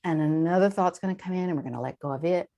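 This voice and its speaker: A woman guest in an interview, explaining in a lively conversational way, with quick asides and frequent shifts in emphasis. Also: fairly low pitch, creaky. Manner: animated, warm-hearted explaining with quick asides and laughs. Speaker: translator and guest.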